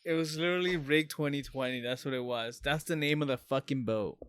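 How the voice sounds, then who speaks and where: A man co-hosting a podcast, telling stories in a casual, profane, animated way. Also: mid-range voice, brisk, clear, resonant tone, no echo. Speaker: podcast co-host. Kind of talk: casual chat.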